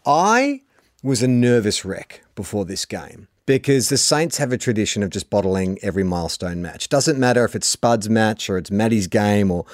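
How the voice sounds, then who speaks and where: A man's voice: on the low side, a little mellow, no echo, clean studio sound. An Australian man in his forties hosting a casual sports podcast, telling stories animatedly and laughing often. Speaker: podcast host.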